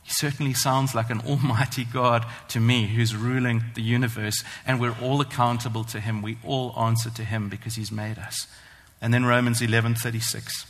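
A man's voice: medium pitch, flat delivery, fairly bright tone. Earnest man preaching in a reverberant hall. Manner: earnest, emphatic, slows down on scripture quotes. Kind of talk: sermon.

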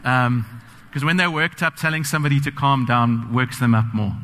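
A man's voice: medium pitch, moderate pace, a bit bright. A man preaching a sermon, earnest and personal, telling stories with frequent fillers. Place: church sanctuary. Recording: long church reverb.

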